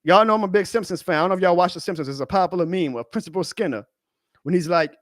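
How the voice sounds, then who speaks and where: Male stream host, high voice, heated profane rant, dead-dry sound. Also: quick pace, no echo. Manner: profane, heated ranting, swings to shouting. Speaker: fan show host.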